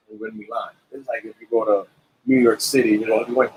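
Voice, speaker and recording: A middle-aged man sits in a cafe and tells tour stories in a loose, conversational way. His voice is mid-pitched, and he slips into little voices to act out the people he quotes. Faint room noise sits behind him. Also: fast, rough recording. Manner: animated anecdotes with acted-out quotes. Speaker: musician guest. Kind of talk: casual storytelling interview.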